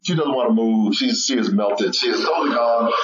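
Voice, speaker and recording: A man guesting on a podcast, telling a story with animated, laughing delivery. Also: mid-range voice, brisk, far from the mic, lo-fi sound, slight background noise. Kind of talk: storytelling interview chat.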